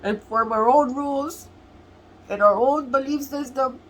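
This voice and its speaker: Brief: woman tarot reader, high and slow-spoken, tearful, earnest, soft laughs between lines. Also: a little hiss or hum, poor audio. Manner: earnest, repeats phrases. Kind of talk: tarot reading to camera.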